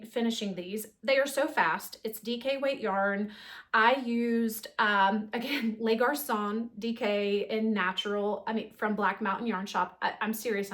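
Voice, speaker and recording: A woman chats slowly and casually about her knitting projects, her voice sitting a little high. She rambles with plenty of ums and self-corrections, as if she were talking from her knitting corner at home. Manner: chatty, many ums and restarts. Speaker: knitting podcast host. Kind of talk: casual show-and-tell chat.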